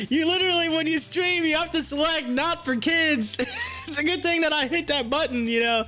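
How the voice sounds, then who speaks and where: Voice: high-pitched, normal speed. A livestream host commenting on stock charts, laughing often and reading viewer comments aloud. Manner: giggly, laughs often, excitable. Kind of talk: live-streamed market commentary with chat reading.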